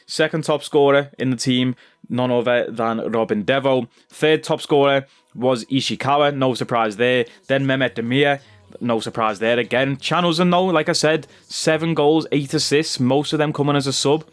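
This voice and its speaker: A man's voice: mid-range voice, moderate pace. A young man giving casual, chatty commentary over a football management game, calling his viewers "bro". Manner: chatty, says "bro" a lot. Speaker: gaming YouTuber.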